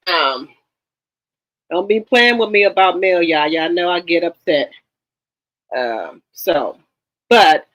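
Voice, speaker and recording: Live-stream host, mid pitch, warm greetings on repeat, lo-fi audio. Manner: greets viewers one by one with repeated hellos; chatty, with frequent ums and restarts. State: a little tired. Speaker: livestream host. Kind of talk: casual live-stream chat. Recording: slightly dull lo-fi sound.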